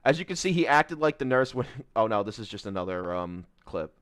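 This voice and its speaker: A man's voice: fairly low pitch, very animated, fairly quick, fairly bright tone, no echo, studio quality. A man streaming casual commentary, crude and mocking as he reads old chat logs aloud.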